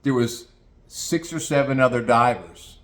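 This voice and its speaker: An older retired man vlogs a casual rant in a mid-range voice at a measured pace. He's crude and mocking, telling stories and slipping into put-on voices.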